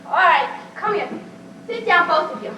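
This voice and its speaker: A woman playing a childlike, nervous aunt, giggly and close to tears, with a very high voice that swings up and down. The amateur stage play is taped from far away in an echoey hall with noise behind it. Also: lively intonation, moderate pace. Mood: giddy nervous. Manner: tearful, giggly, eager.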